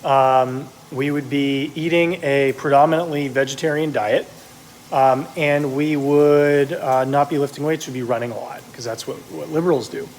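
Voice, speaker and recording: As food sears in his kitchen, a man with a fairly high, slightly mellow voice talks at normal speed with fairly even intonation. This cooking vlogger rambles casually, full of ums and uhs, on a rough recording with a slight hiss or hum.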